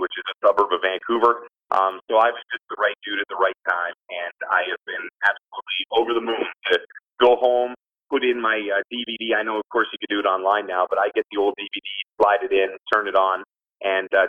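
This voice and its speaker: A man who works as a baseball broadcaster, telling stories in an enthusiastic, chatty way in an interview, with a Canadian accent. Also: fairly low pitch. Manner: enthusiastic, chatty, fond of sports talk. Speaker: baseball broadcaster and team communications director. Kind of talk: phone interview, casual storytelling. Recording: tinny phone line.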